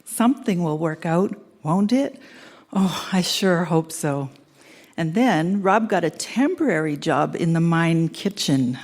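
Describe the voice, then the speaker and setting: A woman's voice: on the low side, animated, a little slow, a little mellow. An older woman on stage, reading her old letters aloud with amused giggles. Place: stage in a hall. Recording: echoey hall with noise.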